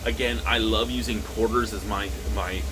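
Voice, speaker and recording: A man's voice: on the low side, steady tone, moderate pace, background noise. A man reviewing beer on camera in a casual, crude and joking way, recorded indoors at home.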